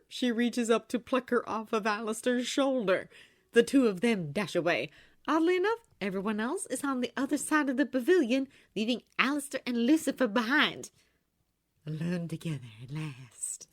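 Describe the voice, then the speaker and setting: Animated woman reading a story aloud. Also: a little high, moderate pace, dry recording, clean studio sound. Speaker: audiobook reader. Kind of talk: fanfiction narration.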